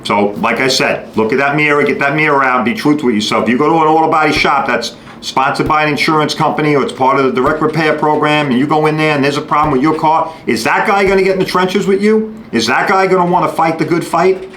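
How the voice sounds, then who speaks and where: A man hosting a podcast, giving a blunt, sarcastic monologue and acting out customers and shop staff in quick quoted bits. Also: on the high side, fairly even intonation, fairly bright tone. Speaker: podcast host. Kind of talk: opinionated monologue. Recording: echoey room with faint noise.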